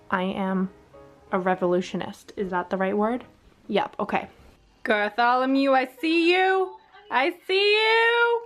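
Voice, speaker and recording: A young woman chatting casually to camera in a home vlog, rambling with lots of fillers. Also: mid-range voice. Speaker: vlogger. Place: bedroom at home.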